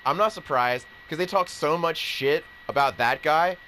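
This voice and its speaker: Man, profane rambling rant, fairly high voice, forceful and tense. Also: normal speed, a little hiss or hum.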